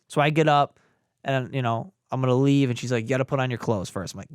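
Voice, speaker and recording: A man's voice: medium pitch, quick pace, clean tone, no room sound, studio quality. A young man, a podcast co-host, casually telling a story and acting out the voices of the people in it. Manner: animated, acts out voices in the retelling.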